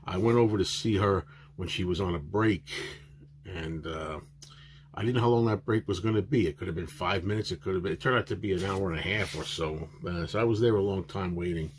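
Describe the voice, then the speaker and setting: Man, very low voice, casual rambling collector vlog, lots of "uh"s, faint hum behind. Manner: rambling, many filler pauses and restarts; chatty and enthusiastic. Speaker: autograph collector vlogger. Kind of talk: casual show-and-tell narration.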